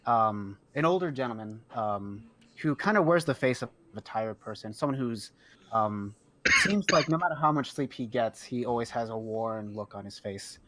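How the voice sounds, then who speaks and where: A man's voice: medium pitch, expressive, normal speed, sharp tone. A man narrating as game master of a tabletop game, rambling with many ums and uhs.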